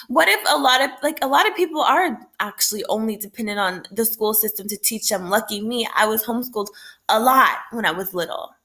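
Woman, heated profane rant, high voice, bright tone, late-night vlog. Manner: heated, profane, with frequent laughs. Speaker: vlogger.

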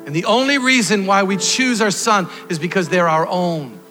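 A man preaching a sermon in a church hall in an animated way, at times rising to shouts. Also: sits high, normal speed. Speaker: pastor. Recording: long hall reverb, faint music.

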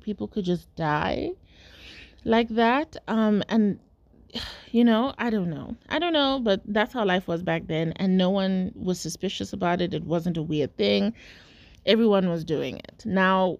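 A woman's voice: mid-range voice, a little mellow, dry recording. A young woman, telling a true-crime story in a casual, rambling way, full of fillers and asides. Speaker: podcast host.

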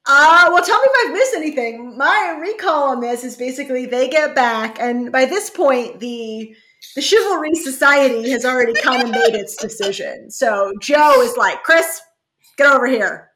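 A woman co-hosting a podcast in casual chat, animated and profane as she acts out the people she quotes. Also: sits high, moderate pace. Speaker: podcast co-host.

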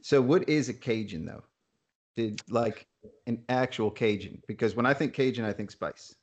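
A man's voice: mid-range voice, moderate pace, husky. A man co-hosting a podcast, playful and curious, asking joking questions. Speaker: podcast co-host. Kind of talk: casual podcast chat.

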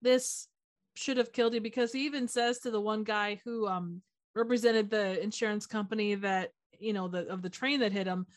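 A woman co-hosts a casual podcast and thinks aloud as she talks, full of fillers and restarts. Her voice is at a middle pitch and comes across as plainly conversational. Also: steady tone, moderate pace. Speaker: podcast co-host. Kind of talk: casual chat.

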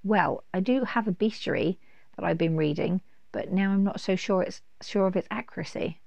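A woman's voice: mid-range voice, normal speed, gravelly, darkish tone, no room sound, highs cut off, lightly acted. A woman voicing a young, timid male rabbit in a storybook, who stammers nervously.

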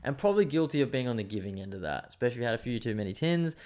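A man's voice: mid-range voice, expressive, very fast, a little mellow. A young man, hosting a casual monologue show. He rambles and digresses and swears freely. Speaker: podcast host.

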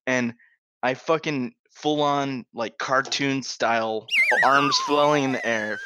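A man's voice: mid-range voice, fairly bright tone. A man co-hosting a podcast, casually telling a profane school story and laughing through it. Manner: laid-back, profane, laughs through his stories. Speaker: podcast co-host. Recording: dry, slightly dull sound.

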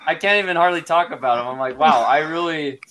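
A man's voice: fairly high pitch, fast talker, a bit bright, slight background noise. A man in his thirties, a father telling a parenting story in casual chat, laughing often and using lots of fillers.

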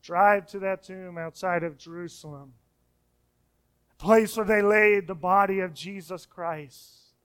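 A man preaches a sermon in a high, smooth, clear voice. He pushes his points with emphasis and repeats words as he speeds up. Key phrases fall away into a soft hush. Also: fairly even intonation, measured pace. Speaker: pastor.

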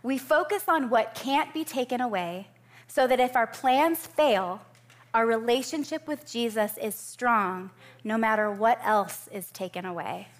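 A woman's voice: on the high side, unhurried. A woman preaching a sermon in a conversational way, with light self-deprecating asides.

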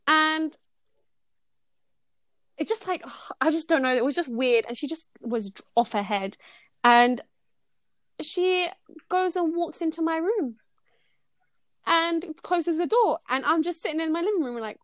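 A young woman tells a story on a casual podcast, her voice sitting fairly high. She talks animatedly and leans on fillers. The sound is close and dry. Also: animated, normal speed, no echo. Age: young adult. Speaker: podcast co-host. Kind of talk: casual chat.

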